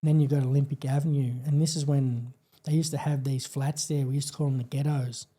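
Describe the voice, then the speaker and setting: An Australian man recounting a painful personal story as a podcast guest, earnest and halting, with many fillers and restarts. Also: medium pitch, level tone, mellow.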